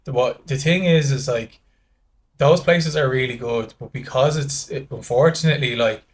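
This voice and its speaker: Guesting on a relaxed podcast, a Dubliner with an Irish accent talks at a moderate pace in a medium-pitched voice. His storytelling wanders, full of restarts and acted-out lines of dialogue.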